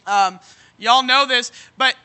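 A man preaching a sermon, leaning on folksy everyday examples and asking "you know what?" again and again, now and then breaking into shouts. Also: extremely high pitch, takes it slowly, smooth. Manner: bursts into shouting at moments.

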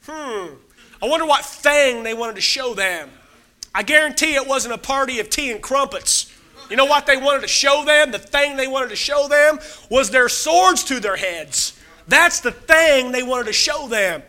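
Guy preaching a sermon, really high and bright voice, gets loud then drops soft for scripture. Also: normal speed. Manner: emphatic, conversational, swings between loud exhortation and quiet scripture reading.

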